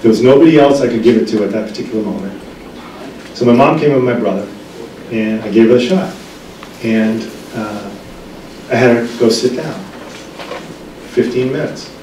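Chatty middle-aged pharmacist lecturing in echoey room. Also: male voice, medium pitch, normal speed, long pauses, a little mellow, a little hiss or hum. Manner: chatty storyteller with frequent restarts and ums. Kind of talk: humorous anecdotal lecture. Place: library meeting room. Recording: echoey room, distant mic.

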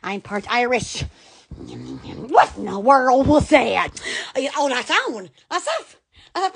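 A woman from Alabama, chattering excitedly on a phone livestream, giggling, gushing and stammering. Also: fairly high pitch, slow, creaky, long pauses, slightly rough. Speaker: social media livestreamer.

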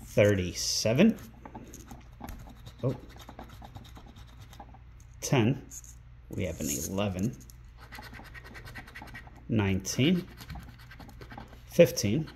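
A man hosting a scratch-ticket vlog indoors at a rental home, calling out numbers one by one and breaking into excited exclamations. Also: on the low side, extremely slow, pauses often, slight background noise. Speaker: scratch-ticket channel host. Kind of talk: casual vlog narration while scratching tickets.

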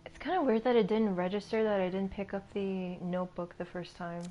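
A woman's voice: medium pitch, fairly even intonation, fairly quick, lo-fi sound, slight background noise. A woman streaming a video game, giving playful, chatty, self-mocking commentary. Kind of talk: casual gameplay commentary. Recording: faint game music behind.

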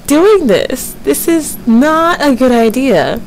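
A woman's voice: high voice, very animated, slow, a little mellow, slight background noise, poor audio. A woman in her early twenties commentating a horror game at home, panicky and self-mocking. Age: early 20s. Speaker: gamer. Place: home, windy night outside.

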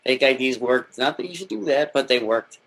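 Relaxed man in his thirties. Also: medium pitch, fairly quick, rough recording. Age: 30s. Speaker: guest. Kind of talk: casual podcast chat.

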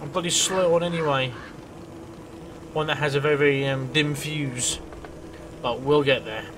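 A man's voice: medium pitch, steady tone, moderate pace, noisy background. Rambling, swearing man gaming. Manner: rambling, swears freely, talks to himself. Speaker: let's play host. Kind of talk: casual gameplay commentary.

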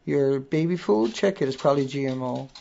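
Man, accented, livestream host, blunt rant, gravelly voice, muffled lo-fi sound. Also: mid-range voice, fairly quick, dark tone. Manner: blunt, ranting, swears freely. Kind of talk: casual live-stream rant. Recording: dull lo-fi audio.

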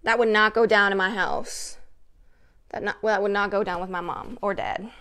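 A woman leading a children's story time and wiggle warm-up at home, upbeat and chatty, talking straight to the kids. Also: mid-range voice, fairly even intonation, normal speed, clear, resonant tone. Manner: upbeat, playful, chatty, addresses kids directly. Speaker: family educator hosting story time. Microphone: own mic with a close camera.

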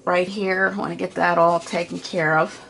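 A woman's voice: on the low side, steady tone, normal speed, vocal fry, fairly bright tone, a little hiss or hum. A middle-aged woman giving a casual, chatty painting tutorial from her home studio, with homey asides as she works. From Pittsburgh area. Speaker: art teacher.

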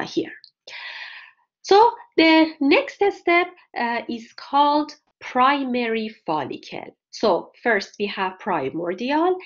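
Slow, deliberate woman lecturing on a dull recording. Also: on the high side. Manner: slow and deliberate, with frequent pauses and fillers. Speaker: anatomy lecturer. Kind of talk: recorded lecture over slides.

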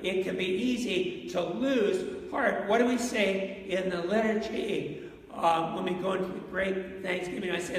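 An unhurried male pastor with a high, gravelly voice, preaching to a congregation and pausing to ask them questions. His voice rings through a large church with a long reverb tail. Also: far from the mic. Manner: asks the congregation questions, storytelling. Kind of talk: interactive sermon. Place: church sanctuary.

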